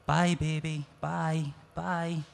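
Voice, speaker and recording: A man's voice: a little high, little pitch movement, extremely slow, gravelly, voice pushed up, heavily acted. A Scottish man reading aloud, voicing a lazy, cocky young man with cheeky, laddish banter.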